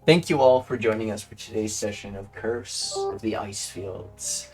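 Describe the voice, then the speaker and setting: A man's voice: fairly low pitch, a little slow, a little mellow, faint music behind. A man as game master, reading out item rules and thanking viewers in a friendly way. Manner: reads item rules aloud, friendly sign-off. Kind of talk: running a tabletop game.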